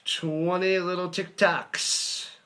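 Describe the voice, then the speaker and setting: A man hosting a live watch party, giving excitable play-by-play commentary and chatting with viewers. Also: high voice, slow pace, clean tone. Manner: excitable, chatty, hums and sings to himself.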